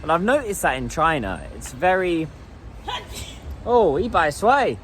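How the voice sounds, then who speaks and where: A man's voice: a little high, sing-song, a little slow, a bit bright. Guy vlogging outside, chatty and thoughtful, bit of traffic noise behind. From England. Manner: chatty and reflective, laughs while asking strangers questions in simple Mandarin. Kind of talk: casual vlog talk.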